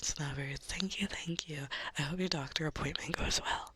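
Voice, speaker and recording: A woman with a Southern US accent, whispering and giggling softly while chatting on a live ASMR stream. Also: sits low, steady tone, normal speed, breathy edge.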